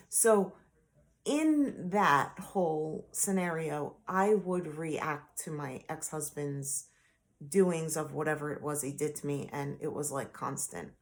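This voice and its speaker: A woman vlogger telling a personal story in a casual, rambling way, full of fillers and restarts, mostly soft and low-key. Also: creaky.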